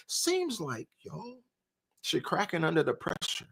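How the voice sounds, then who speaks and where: A man's voice: fairly high pitch, huge pitch swings, a little slow, creaky, a bit bright, breathy edge. Male live-stream host, casual reaction commentary with a preachy streak. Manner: conversational, preachy asides, laughs between points.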